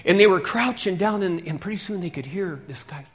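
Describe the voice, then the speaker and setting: A male preacher telling a Bible story in a lively, interactive way, asking his listeners questions as he goes. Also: sits high, brisk. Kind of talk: storytelling sermon.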